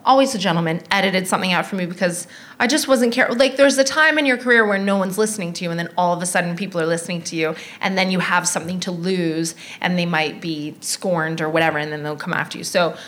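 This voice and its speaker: A woman's voice: fairly low pitch, a bit bright. Frank woman comedian telling stories. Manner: frank, candid storytelling with quick asides. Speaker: comedian guest. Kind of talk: casual chat. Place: live theatre stage.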